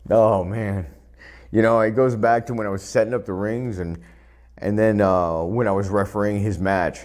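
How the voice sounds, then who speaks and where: A pro wrestler in an interview, recounting anecdotes in an animated, self-deprecating way. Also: male voice, lowish voice, normal speed. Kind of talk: casual interview storytelling.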